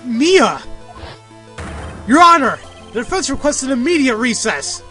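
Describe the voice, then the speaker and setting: A man playing an earnest young lawyer, high-pitched, emphatic, faint music under it. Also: expressive, normal speed. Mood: urgent. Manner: urgent and emphatic, shouting objections.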